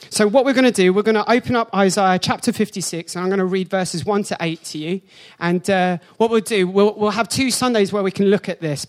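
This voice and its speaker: A man, preaching a sermon and telling personal stories with animated, jokey reactions. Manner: animated storyteller, jumps into high excited voice for his own reactions; slows down and softens for the spiritual point. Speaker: pastor.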